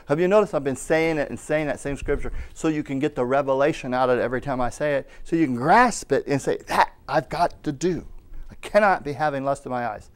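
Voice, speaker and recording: A man's voice: medium pitch, brisk. A man preaching a Bible school class, exhorting his listeners, calling for amens and reading scripture aloud. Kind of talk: sermon.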